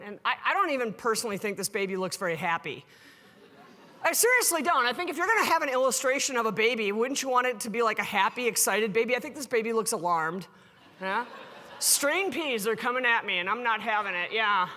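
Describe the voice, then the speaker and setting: A woman giving a conference keynote, animated and joking, acting out the people she quotes. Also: on the high side. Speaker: keynote speaker. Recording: echoey hall with long reverb.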